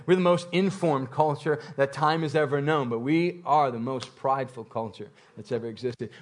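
A man preaching a sermon, repeating phrases and building intensity, with occasional laughter. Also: medium pitch. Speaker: pastor.

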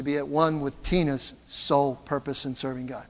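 An older man preaching a sermon, telling stories in an animated way and calling out to the congregation. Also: medium pitch, moderate pace, hardly any pauses, in a large hall. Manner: animated storytelling, calls out to the congregation. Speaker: pastor. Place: church.

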